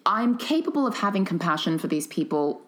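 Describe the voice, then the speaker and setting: A woman actress telling stories in casual chat, animated and sarcastic. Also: on the low side, a little fast. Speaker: actress guest.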